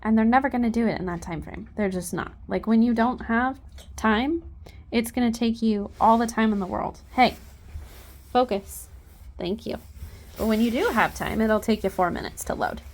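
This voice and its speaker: A woman's voice: fairly high pitch, moderate pace. A woman horse trainer giving casual instruction, chatty and coaxing as she talks to her horse.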